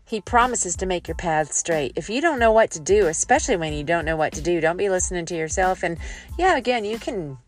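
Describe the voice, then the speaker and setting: A woman's voice: lowish voice, expressive, fairly quick, faint music behind. A woman host giving a casual devotional talk, chatty and joking and going off on tangents. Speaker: audiobook narrator.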